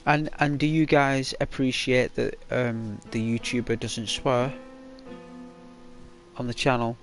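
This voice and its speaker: A man's voice: mid-range voice, little pitch movement, takes it slowly, soft background music. A man streaming a game and chatting casually to viewers, rambling with lots of fillers. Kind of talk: casual live-stream chat.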